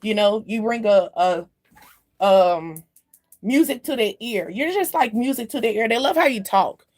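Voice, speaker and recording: With a slightly high voice, lively intonation, and normal speed, the tarot reader chats loosely to camera during a casual spiritual card reading. She often makes side remarks to viewers, strays from the subject, and laughs at herself.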